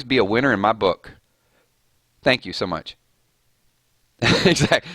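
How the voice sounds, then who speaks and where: A man's voice: mid-range voice, lively intonation, measured pace, fairly bright tone, no room sound. A man streaming a mobile game, chatting casually with his viewers in a fired-up, rambling way and laughing often. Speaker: gaming streamer. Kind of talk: casual live-stream chat.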